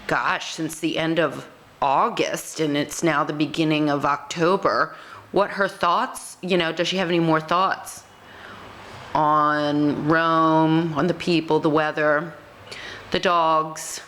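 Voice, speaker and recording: A woman playfully interviewing her dog in a casual home video, hesitant and coaxing with many pauses. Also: low-pitched, fairly even intonation, fairly bright tone, slight background noise. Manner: hesitant, full of ums, coaxing.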